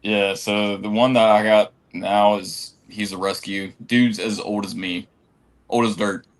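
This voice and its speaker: A man guest on a casual podcast, talking in relaxed slang and calling people "dude". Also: on the low side, measured pace. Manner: laid-back slang, says "dude". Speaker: podcast guest, snake keeper. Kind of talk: casual chat.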